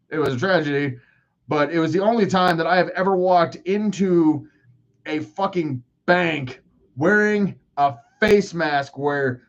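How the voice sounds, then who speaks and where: A man's voice: fairly high pitch, muffled recording. A man in his forties hosting a solo podcast, rambling through profane, self-mocking rants. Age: 40s. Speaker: podcast host.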